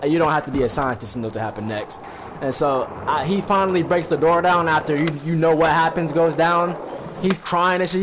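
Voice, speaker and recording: A man's voice: a little high, brisk, noisy background. Rambling slangy man recapping a movie. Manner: rambling, heavy fillers, profane. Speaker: streamer recapping a movie while gaming. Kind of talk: casual slangy retelling with acted quotes.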